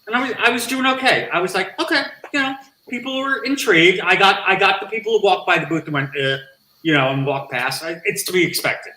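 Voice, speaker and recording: A man who is a guest on an interview podcast, telling a story with animated, acted-out dialogue. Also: high voice, fast, few pauses, echoey room, rough recording. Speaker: interview guest, nonprofit founder.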